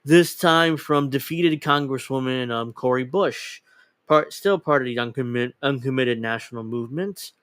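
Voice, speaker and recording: A man's voice: medium pitch, moderate pace, fairly bright tone, clean tone, no echo, studio quality. A man hosting a casual political commentary show, talking bluntly and dismissively and swearing freely. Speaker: host.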